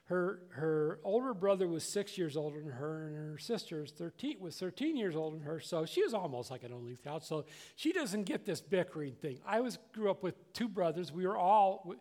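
A man's voice: fairly high pitch, expressive, normal speed, hardly any pauses, darkish tone. An older man preaching a conversational sermon as a pastor, earnest and plainspoken, often restarting and repeating words.

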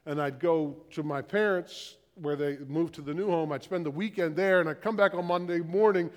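High-voiced male pastor in a hall. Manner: questions repeated in a slow, building list. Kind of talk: sermon.

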